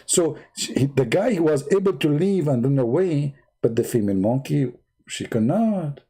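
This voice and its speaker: A man hosting a livestream, retelling a story in a mocking, animated way in loose, nonstandard English. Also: on the high side, moderate pace, breathy edge. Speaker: livestream host. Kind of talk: mocking religious commentary, casual.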